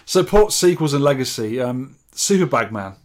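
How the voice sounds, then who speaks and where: A man hosting a laid-back podcast about old arcade games. He reads out listener scores with dry, teasing asides. His pitch sits in an ordinary middle range for a man. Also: very animated, moderate pace. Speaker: podcast host. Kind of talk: casual podcast chat.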